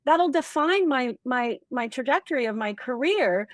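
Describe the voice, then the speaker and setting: A woman speaking as a guest expert in a casual interview, animated and emphatic, acting out bits of office dialogue. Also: high voice, normal speed, dry recording, studio quality.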